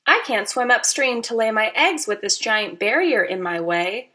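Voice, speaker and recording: A woman's voice: fairly high pitch, lively intonation, normal speed, sharp tone. A woman voicing an adventurous female trout who frets and exclaims about her water in a storybook reading. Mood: disgusted. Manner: fretful, exclaiming, picky.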